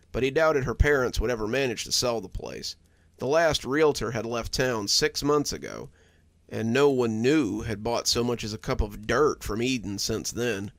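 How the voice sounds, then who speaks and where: A man narrating a cozy horror story in a calm, measured storytelling voice. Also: medium pitch, no room sound.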